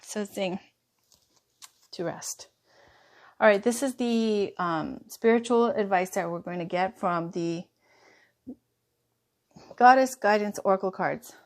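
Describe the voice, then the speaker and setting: A woman giving a chatty tarot reading, going hoarse as she loses her voice. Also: medium pitch, takes it slowly, pauses often. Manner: chatty, reassuring, drifts between reading aloud and asides. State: losing her voice. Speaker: tarot reader.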